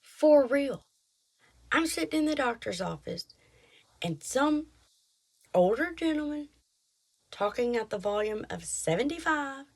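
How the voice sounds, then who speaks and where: A middle-aged woman, hosting a podcast and chatting through an animated story. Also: a little high. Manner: chatty, animated retelling with quoted voices. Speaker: podcast host. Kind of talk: casual storytelling.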